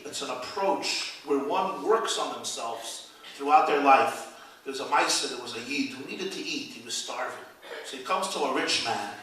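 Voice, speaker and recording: A man, a rabbi, giving an animated inspirational speech with storytelling, his voice rising to loud peaks. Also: medium pitch, slight background noise. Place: event hall. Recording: echoey hall, speaker far from the mic.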